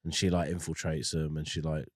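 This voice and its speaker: A man co-hosting a podcast, telling stories in a casual, sweary, animated way. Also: very deep voice, brisk, dry recording, studio quality.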